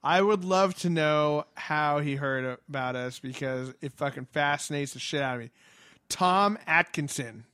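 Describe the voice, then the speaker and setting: A man's voice: on the high side, unhurried, a bit bright, clean tone, no echo. Swearing laughing podcast guy. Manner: swears often, laughs a lot. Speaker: podcast co-host. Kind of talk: casual chat. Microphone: headphones and studio mic.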